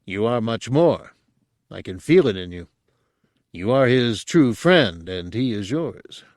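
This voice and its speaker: A man voicing Luke Skywalker, calm and earnest. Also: lowish voice, slow, no room sound, studio quality. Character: calm, earnest young male Jedi.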